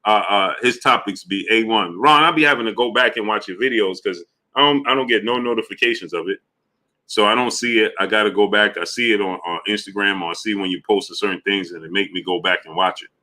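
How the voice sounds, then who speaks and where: Man with a bright voice greeting live-stream viewers. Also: lowish voice, fast talker. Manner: loose, repetitive shout-outs in a friendly drawl, slips into slang. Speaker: host of a live boxing talk stream. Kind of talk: casual live-stream chat, reading out viewer names.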